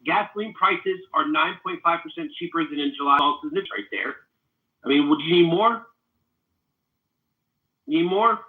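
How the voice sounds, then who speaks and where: A man's voice: fairly high pitch, lively intonation, moderate pace, long pauses. Blunt cursing man over a phone line. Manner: blunt, profane, needling. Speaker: participant in a live audio chat room. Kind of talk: heated casual debate. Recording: phone-like narrow audio.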